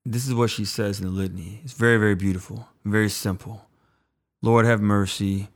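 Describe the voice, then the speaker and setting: A man, a priest hosting his podcast, who chats casually with loose asides and then recites prayers slowly and reverently. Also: on the low side, steady tone. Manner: casual, chatty, rambling asides. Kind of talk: podcast talk and prayer reading.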